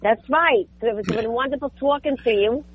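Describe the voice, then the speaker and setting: A woman with a New York accent talks as a guest on an interview, quick to turn sharp or sarcastic. Her voice has a breathy, husky grain. It comes through a narrow, phone-like line. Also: a little high, no room sound. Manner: animated, sharp and a little sarcastic. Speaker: guest voice actor. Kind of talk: casual interview chat.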